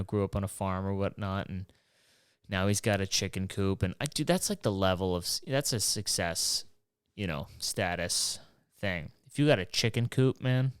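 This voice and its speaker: A man's voice: low-pitched, clear, resonant tone, no echo, studio quality. A young man hosting his own show, rambling casually and swearing, mocking himself as he goes. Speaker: podcast host. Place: New York City apartment.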